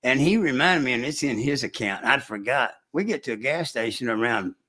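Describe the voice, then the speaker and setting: An older man telling a hunting story in casual chat, with a folksy rural way of talking, animated when he acts out the shouting. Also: mid-range voice, fairly quick. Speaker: storyteller recounting hunting trips.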